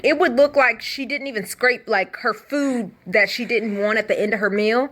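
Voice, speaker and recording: A young woman telling a chatty, animated storytime vlog and acting out the quotes. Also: a little high, normal speed, hardly any pauses. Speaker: vlogger. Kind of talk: casual storytime.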